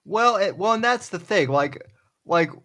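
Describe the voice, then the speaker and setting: Man, podcast host, slow and hesitant, agreeable, stumbling restarts, a bit high-pitched. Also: expressive, bright, forceful tone. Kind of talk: casual podcast discussion.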